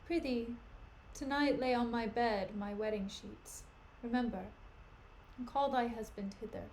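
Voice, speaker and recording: A woman reading the part of a young noble wife who is hurt, weary and bewildered, in a soft, low, subdued voice. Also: a little slow, a little hiss or hum, poor audio. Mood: sorrowful. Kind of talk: dramatic reading of a play.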